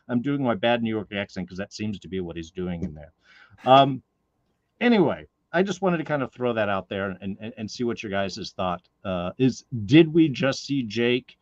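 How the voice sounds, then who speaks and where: A man's voice: on the low side, expressive, normal speed, no room sound. Rambling male podcast host, dull mic. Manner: thoughtful, rambling, lots of fillers. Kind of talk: casual podcast discussion.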